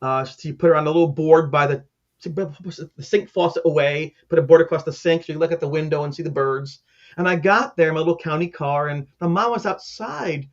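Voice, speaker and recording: High-voiced man telling heartfelt stories. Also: brisk. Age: around 60. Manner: earnest, heartfelt, acts out the people in his stories. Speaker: interview guest, former caseworker and teacher. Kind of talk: emotional personal storytelling. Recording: dull lo-fi sound.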